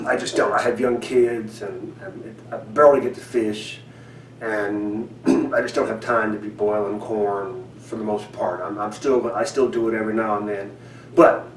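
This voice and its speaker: A man talks through a casual fishing how-to at home, rambling and halting with plenty of ums and restarts. His somewhat low voice sits away from the mic in a roomy, echoey space. A faint hiss runs underneath. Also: distant mic. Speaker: fishing channel host. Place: home indoors.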